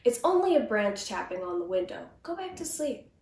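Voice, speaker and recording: Sleepy grumpy big mouse as a woman reads him, curt weary replies, soft and a bit lower, echoey room, away from the mic. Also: very animated, moderate pace, recorded from a distance. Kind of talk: storybook reading.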